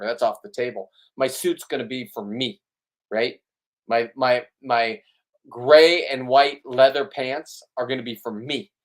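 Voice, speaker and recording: A middle-aged man rants to his viewers in a blunt, rambling vlog monologue. He sounds riled up and keeps restarting his sentences. His voice sits at an ordinary middle pitch. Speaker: vlogger. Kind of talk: ranting casual monologue to camera.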